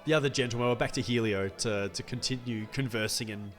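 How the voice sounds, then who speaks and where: A man narrating a tabletop game as game master in a relaxed, hesitant way. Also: mid-range voice, brisk, faint music behind.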